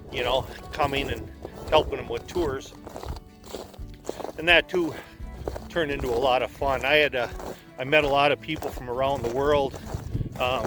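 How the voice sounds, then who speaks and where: A man from Wisconsin, a former sled dog guide, telling stories in a casual, rambling way with many restarts. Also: mid-range voice. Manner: rambling, repeats words as he restarts. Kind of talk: casual storytelling.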